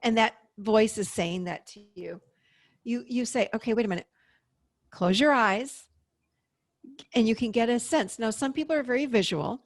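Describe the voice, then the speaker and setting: Animated therapist lady in her 50s, kinda high voice, dry close sound. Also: measured pace, no room sound. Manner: animated, explaining with acted-out inner voices. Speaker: therapist and podcast guest. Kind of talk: interview conversation.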